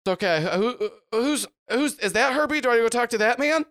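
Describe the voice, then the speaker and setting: A man's voice: very high voice, expressive, a little fast, a bit bright, dry recording, clean studio sound, voice pushed up, heavily acted. A man voicing a chatty young girl who blurts out her words. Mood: breezy. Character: young girl hosting a trapped mind, chatty.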